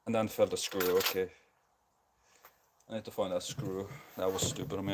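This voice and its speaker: Tired low-voiced Scandinavian man rambling. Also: flat delivery, moderate pace, noisy background. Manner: rambling, many ums and restarts. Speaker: streamer. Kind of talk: casual live build commentary. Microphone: basic non-professional mic.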